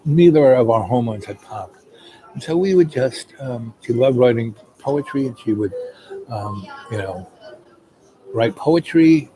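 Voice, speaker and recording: An older man telling a long personal story in a meandering, casual way, full of "you know" and pauses. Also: mid-range voice, expressive, background noise.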